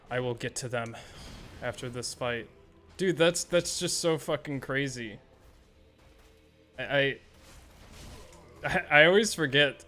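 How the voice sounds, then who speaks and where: A young man chatting casually on a live gaming stream, excitable and rambling, swearing freely. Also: medium pitch.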